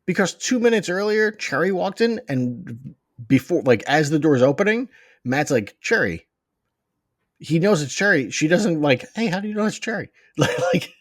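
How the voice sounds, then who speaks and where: A man's voice: fairly high pitch, sing-song, unhurried, no room sound, clean studio sound. A man co-hosting a casual show chat, joking and enthusing about favorite moments. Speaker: podcast co-host.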